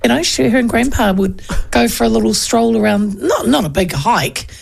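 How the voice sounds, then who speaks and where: Chatty woman with a gravelly voice. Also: fairly high pitch, expressive, normal speed. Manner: chatty and laughing, reading listener texts. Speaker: radio host. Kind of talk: casual radio chat.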